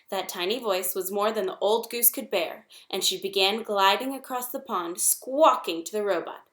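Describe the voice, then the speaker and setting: A woman reading a children's novel aloud in an expressive, measured way. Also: medium pitch. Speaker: reader. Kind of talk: storybook read-aloud. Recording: echoey room.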